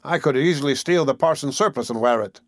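A man's voice: medium pitch, no room sound, studio quality, natural voice. A man reading aloud voices a touchy village drinker who mutters and bristles at being accused. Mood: defensive. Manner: muttering, quick to anger.

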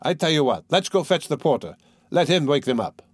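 A man's voice: fairly high pitch, fairly quick, husky, no room sound, studio quality. A man voicing an eager young law student. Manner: excited, insistent.

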